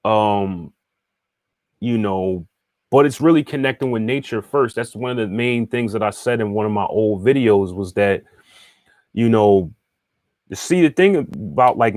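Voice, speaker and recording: A man's voice: on the low side, darkish tone, no room sound, clean studio sound. A man giving a casual spiritual lesson, talking in a conversational way, often checking in with the listener and restarting phrases as he thinks aloud. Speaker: spiritual teacher and astrologer. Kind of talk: casual teaching monologue, answering viewer questions.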